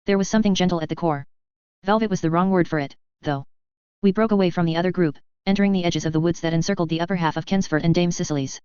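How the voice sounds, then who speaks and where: A woman reading a first-person audiobook narration at an even, measured pace. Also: fairly low pitch, smooth, no echo, highs cut off.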